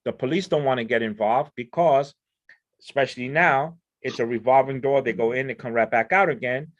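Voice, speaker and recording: A man's voice: mid-range voice, a little fast, lo-fi sound. A man speaking on a discussion panel, explaining his ideas in an earnest way and often repeating words as he builds each point. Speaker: panel speaker on crime prevention.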